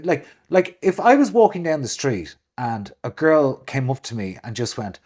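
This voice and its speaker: Animated man, lively voice. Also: normal speed. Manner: animated, swings into big high voices when quoting people. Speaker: co-host. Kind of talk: casual chat.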